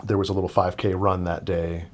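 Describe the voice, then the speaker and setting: Podcast guest: a man with a lowish voice, rambling through a casual story, full of restarts. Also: level tone, fairly quick. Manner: rambling, many restarts and fillers.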